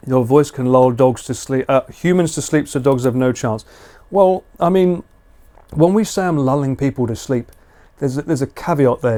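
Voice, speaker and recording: A man's voice: mid-range voice, moderate pace, dark tone. A British man chatting casually and slangily with viewers on a live stream. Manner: chatty, laid-back, slangy.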